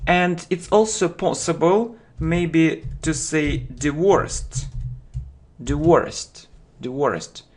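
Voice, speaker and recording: A man teaching English vocabulary to learners, speaking slowly and deliberately, repeating each word so students can follow. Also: a little high. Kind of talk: slow vocabulary lesson for learners.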